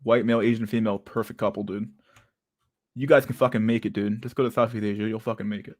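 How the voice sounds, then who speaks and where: A streamer gives casual, rambling livestream commentary on pictures, swearing constantly and laughing often. His mid-range voice is fast, with fairly even intonation.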